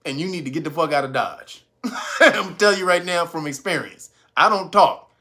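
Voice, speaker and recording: A man hosting a podcast, giving profane, comic commentary, laughing often and acting out quotes loudly. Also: on the high side, moderate pace. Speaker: podcast host.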